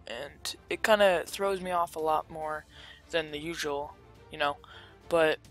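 Bright, chatty gameplay commentator. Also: mid-range voice. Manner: chatty, rambling, with sudden loud excited outbursts. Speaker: YouTuber playing a pirate game.

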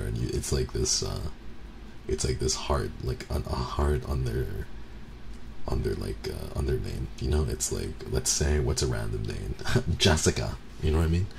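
A man streaming in a soft-spoken ASMR chat, teasing and playfully mock-offended with his viewers, close to the mic. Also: extremely low pitch, gravelly. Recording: steady background noise.

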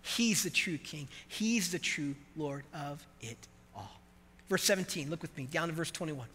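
A man preaching a sermon as pastor to a live congregation, animated and emphatic, quizzing the church. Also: fairly high pitch, normal speed, big-room sound, slight background noise.

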